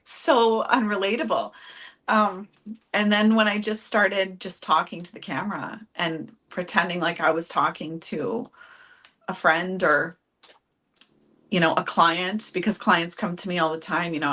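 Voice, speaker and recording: A woman guest speaks on an interview podcast in a chatty, laughing way, often restarting her sentences. Her voice is pitched a little low yet sounds bright and forward. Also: steady tone, unhurried. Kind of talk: casual interview chat.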